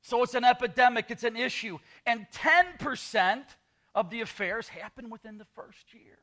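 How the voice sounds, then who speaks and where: A man's voice: extremely high pitch, moderate pace, bright, forceful tone. A man preaching a sermon as pastor, with sarcastic asides and quoted scripture.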